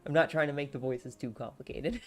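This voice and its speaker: A woman's voice: low-pitched, steady tone, fairly quick. A woman streamer reading a novel aloud on a live stream and chatting between passages, giggly and self-deprecating.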